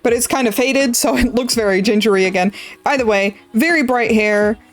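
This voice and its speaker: A woman's voice: a little high, brisk, soft background music. A young woman streamer from the Netherlands, casually rambling through a story while drawing, swearing freely. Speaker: art streamer.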